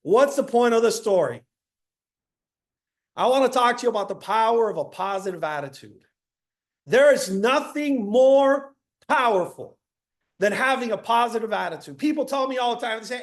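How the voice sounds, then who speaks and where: A man from Miami giving a high-energy motivational talk to an audience, repeating key phrases and asking the crowd questions. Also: animated, moderate pace. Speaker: motivational speaker.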